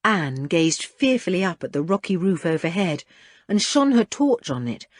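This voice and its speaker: A woman narrating a children's adventure audiobook with expressive reading. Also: fairly low pitch, dry recording, clean studio sound. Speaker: audiobook reader. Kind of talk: storybook narration.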